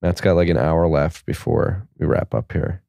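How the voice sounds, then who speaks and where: A man's voice: sits low, steady tone, normal speed, vocal fry, mellow, no echo, studio quality. A man co-hosting a podcast in casual chat, loose and rambling with many fillers. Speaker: podcast co-host.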